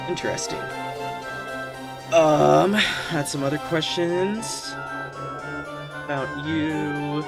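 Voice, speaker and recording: Casual man thinking aloud over a game. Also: fairly high pitch. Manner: thinking aloud, puzzled asides. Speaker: let's play host.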